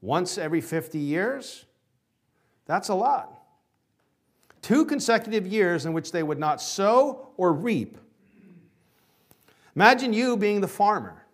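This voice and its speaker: A man preaching a sermon to his congregation, asking questions and moving between loud emphasis and quiet asides. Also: high voice, sing-song, takes it slowly, long pauses. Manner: preaching with rhetorical questions, swinging from loud to hushed. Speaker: pastor.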